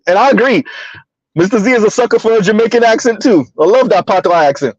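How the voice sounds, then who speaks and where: High-voiced laughing man, lo-fi dry sound. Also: animated, a little fast, long pauses, slightly rough, dry recording. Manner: laughing often, repeating words, asking "right?". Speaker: livestream host. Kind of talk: casual livestream commentary reading chat.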